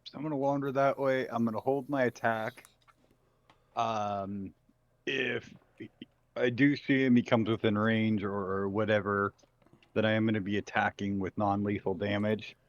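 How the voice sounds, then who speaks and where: Player, man, low voice, blunt, swears, lo-fi mic. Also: fairly even intonation, normal speed. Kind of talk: casual tabletop game play.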